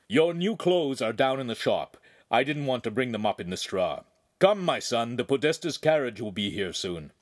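A man's voice: medium pitch, very animated, moderate pace. A man voicing a jovial, fatherly older craftsman in an audiobook reading.

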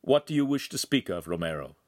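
Man doing a jovial powerful lord, measured and grand, shrewd, storybook reading. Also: sits low, very animated, darkish tone, no room sound, studio quality. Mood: genial. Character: powerful older male ruler, genial and shrewd. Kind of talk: audiobook character voice.

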